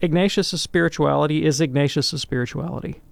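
Gravelly-voiced man explaining with animation. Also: fairly high pitch, fairly quick, no echo. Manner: animated, lecturing, tags points with "right?". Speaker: guest answering a listener's question. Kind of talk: call-in radio discussion.

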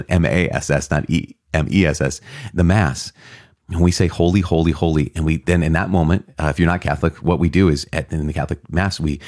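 A man preaching a Catholic sermon, earnest and animated, who acts out short quotes and laughs at his own asides. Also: extremely low pitch, dry recording, clean studio sound.

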